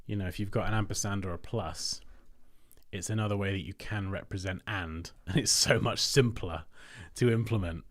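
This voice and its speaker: A man's voice: fairly low pitch, normal speed. A man hosting a design-review livestream, chatting casually and thinking aloud as he works on screen.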